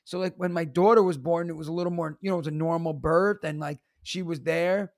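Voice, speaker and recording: Gravelly-voiced man telling stories on a podcast. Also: a little high, fairly quick. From New York. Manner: animated storytelling, acts out quotes, laughs often. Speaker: guest, teacher and comedian. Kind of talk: casual podcast interview.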